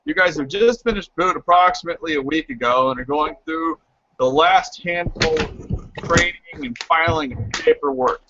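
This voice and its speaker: A man's voice: a little high, normal speed, dull audio, noisy background. A man running a tabletop game as game master, narrating the scene in a dry, joking way over online voice chat.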